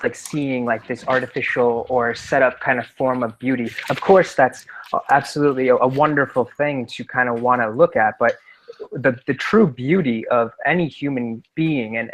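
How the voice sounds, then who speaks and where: A man's voice: mid-range voice, a bit bright, slight background noise, rough recording. A man in casual chat, talking earnestly and philosophically. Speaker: guest.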